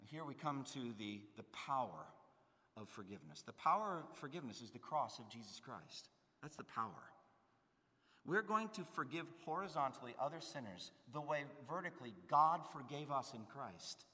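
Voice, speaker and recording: A man preaching a sermon in an earnest, emphatic way, swinging between loud stresses and hushed phrases. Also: mid-range voice, big pitch swings, moderate pace. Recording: long hall reverb.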